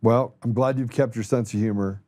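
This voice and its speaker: Middle-aged male podcast host. Jokey, animated banter, dry close sound. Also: medium pitch, brisk, no room sound. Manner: jokey, laughing, animated storyteller. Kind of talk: casual banter interview.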